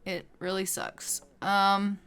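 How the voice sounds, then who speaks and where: An unhurried woman talks her way through a life-simulation game in a relaxed, chatty commentary. She fills pauses with ums and often speaks to her characters or voices their lines for them. Her voice is smooth and clear. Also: medium pitch. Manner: frequent ums and drawn-out phrasing. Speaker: gameplay commentator.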